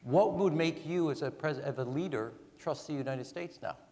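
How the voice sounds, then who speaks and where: A man's voice: fairly high pitch, normal speed. Emphatic man in his sixties, echoing hall. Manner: animated, emphatic, counts off points. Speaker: guest speaker, former ambassador. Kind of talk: onstage conversation. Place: large event hall. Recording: long hall reverb.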